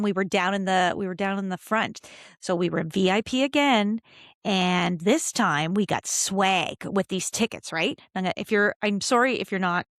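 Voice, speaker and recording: A woman in her fifties hosting a podcast, telling personal stories in a casual, excitable way and laughing often. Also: medium pitch, no echo, clean studio sound. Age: 50s. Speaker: podcast host.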